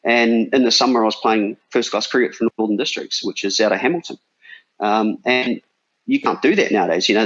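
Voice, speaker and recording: Dull lo-fi sound captures a husky, lowish, slightly bright male voice belonging to a New Zealander in his forties who used to play cricket. As a podcast guest he chats and banters loosely, restarting a lot.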